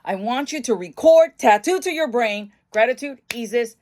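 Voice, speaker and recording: A woman's voice: a little high, lively intonation, moderate pace, darkish tone. Bubbly chatty middle-aged woman. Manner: bubbly, chatty, bursts into laughs and shrieks. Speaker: mental wellness vlogger. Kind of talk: casual chat to camera. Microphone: phone camera.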